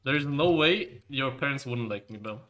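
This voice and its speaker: Young man, game streamer: bright tone, jokey, profane, chatty. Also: medium pitch, normal speed. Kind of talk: casual gaming stream chat.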